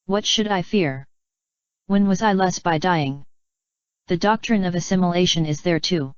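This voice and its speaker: Low, smooth-voiced woman reading an audiobook. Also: dry recording. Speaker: audiobook narrator. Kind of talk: audiobook narration of a memoir. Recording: dry, slightly dull lo-fi audio.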